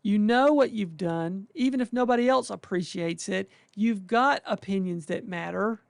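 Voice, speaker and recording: New interns hear a welcome talk from a residency faculty member whose medium-pitched voice is creaky and moderately paced, recorded dry. The delivery stays folksy and conversational, with colloquial exclamations and the odd act-out of residents' private thoughts.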